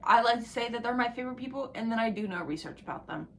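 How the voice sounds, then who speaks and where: A young woman rambling casually to camera about her reading goals, excitable and profane, trailing off into half-whispered asides. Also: a little high, fast, a little hiss or hum. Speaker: book vlogger.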